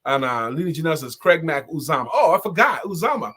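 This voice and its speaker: A middle-aged man hosting a live stream, playfully giving viewers shout-outs with short improvised sung and rapped jingles and frequent laughter. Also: a little high, lively intonation, a little fast, few pauses. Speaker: host.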